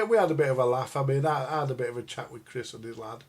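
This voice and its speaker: Talking fast with hardly any pauses, the older man has a mid-range voice and fairly even intonation. On his live stream about records and radios, this record-collecting vlogger rambles crudely and jokily, addressing viewers as "guys."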